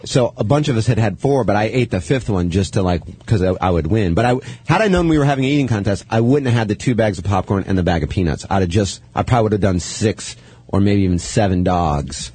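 A man's voice: fairly low pitch, lively intonation, quick pace, a little mellow, breathy edge, dry recording. A man hosting a casual radio chat, telling loose, profane stories. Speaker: podcast host.

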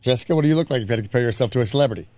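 A man hosting a call-in game on the radio, running it with quick, laughing patter. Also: mid-range voice, a little mellow, no room sound. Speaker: radio host.

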